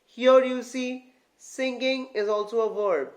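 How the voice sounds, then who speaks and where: An English tutor explains reading comprehension to online learners in a middle-pitched voice. The tutor often stops to ask whether the viewers follow and calls them guys. Phrases get repeated and restarted along the way. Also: a little slow. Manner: keeps checking in with the viewers. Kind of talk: online grammar lesson.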